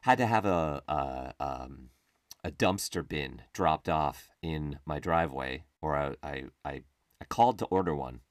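A man with a very low voice rants through a casual comic monologue, sarcastic and freely profane. The sound is dry and close, with no room echo. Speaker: podcast host.

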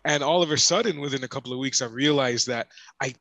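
A male podcast host talks reflectively and thinks out loud, filling his pauses with "you know." His voice is bright and clear, at a middle pitch. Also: no echo. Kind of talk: reflective conversational chat.

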